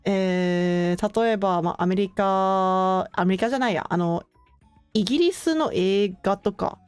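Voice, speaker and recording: A woman's voice: mid-range voice, no room sound. Chatty young woman, dry close mic. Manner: chatty and relaxed, heavy use of filler words; laughs often between thoughts. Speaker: streamer hosting her own channel. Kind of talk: casual chat with viewers.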